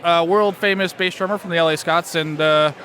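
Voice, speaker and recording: A man's voice: fairly high pitch, fairly even intonation, fairly quick. A man hosting a podcast outdoors, joking and teasing in casual chat into a handheld microphone. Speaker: podcast host. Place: outdoors at a highland games. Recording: loud crowd and bagpipe music.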